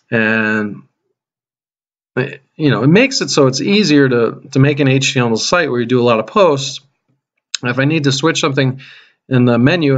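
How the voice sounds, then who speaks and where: A man who teaches high school math, casually narrating a screen-recorded web coding tutorial as he types, with a touch of dry sarcasm. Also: lo-fi sound. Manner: relaxed, self-narrating while typing, dry sarcasm.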